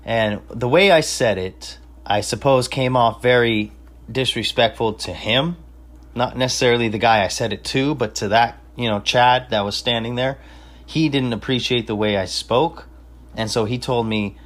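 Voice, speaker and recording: Young man, casual storytelling, heavy swearing, cocky, street slang, mid-pitched voice. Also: moderate pace. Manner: profane, boastful, street slang. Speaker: podcast host telling a story.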